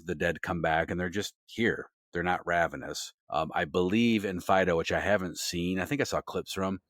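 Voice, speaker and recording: A man with a low, deep voice chats on a podcast, enthusiastic and loose with swearing. His rambling asides come through a close mic in a dry, dead room. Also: fairly bright tone, no echo. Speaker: podcast co-host. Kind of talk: casual podcast chat.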